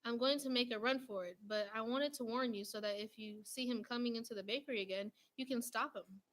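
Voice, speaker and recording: A woman reading aloud gives a fussy male doughnut a high, excitable voice. He swings between prim politeness and shrill outrage, pushing louder and higher than the narration. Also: a little fast, close to an everyday voice. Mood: overly polite. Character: anxious, indignant male talking doughnut.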